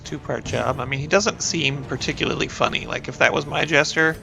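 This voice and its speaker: Chatty gravelly man commenting on a game. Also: a little high, brisk, music in the background. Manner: chatty, rambling, talks to his game characters. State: sniffly with a cold. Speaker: gaming YouTuber and teacher. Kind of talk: let's play commentary.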